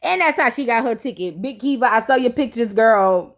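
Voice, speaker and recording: A woman with a high-pitched voice runs through a reality show episode in a loose, chatty recap. Her telling is blunt and gossipy, full of slang and cursing. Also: expressive, a little fast. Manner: blunt, profane, gossipy retelling with slangy asides. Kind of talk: casual recap commentary.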